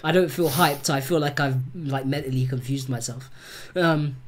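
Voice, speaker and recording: A man's voice: mid-range voice, fairly even intonation, normal speed, slight background noise. A man co-hosting a casual podcast chat, telling stories in a loose, rambling way full of fillers. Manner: rambling, filler-heavy storytelling with lots of "like". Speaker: podcast co-host.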